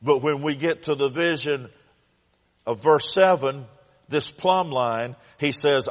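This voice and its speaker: A man's voice: mid-range voice, takes it slowly. A man preaching as pastor, reading Scripture with dramatic, crying-out intensity. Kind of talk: sermon. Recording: long hall reverb.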